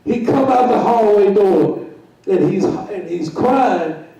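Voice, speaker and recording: A man's voice: high-pitched, expressive, slow, gravelly, dark tone, dull audio. A man telling a comic story on stage, chuckling, repeating himself and acting out the voices. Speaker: guest storyteller. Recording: very echoey room, voice far from mic.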